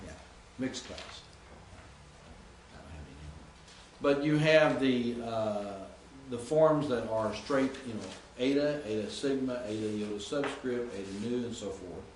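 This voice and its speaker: A man's voice: medium pitch, moderate pace, hardly any pauses, reverberant, slight background noise, poor audio. A man teaching Greek grammar in a classroom lecture, explaining and reciting word forms.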